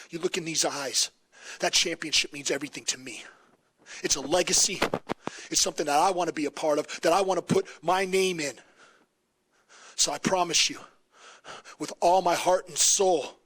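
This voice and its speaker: A man's voice: high voice, fairly bright tone. A man cutting a wrestling promo, out of breath and coughing, impassioned and defiant. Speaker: pro wrestler.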